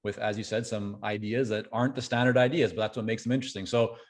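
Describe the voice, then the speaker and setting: A Canadian man hosting an interview podcast, friendly and relaxed as he wraps up and points listeners to the show notes. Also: fairly low pitch, fast. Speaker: podcast host. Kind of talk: casual interview conversation.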